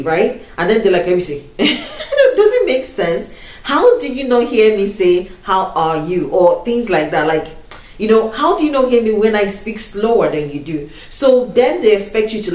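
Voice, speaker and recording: A young Nigerian woman vlogging to camera in a chatty way, laughing often and slipping into Pidgin. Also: medium pitch. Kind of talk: casual vlog talk to camera. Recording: roomy echo, a bit distant from the mic.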